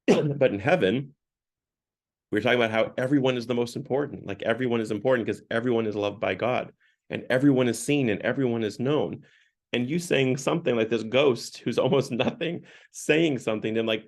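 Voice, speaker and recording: A man's voice: medium pitch, brisk. A man giving a casual parish talk on a book, paraphrasing its dialogue with many "like" fillers. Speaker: parish speaker.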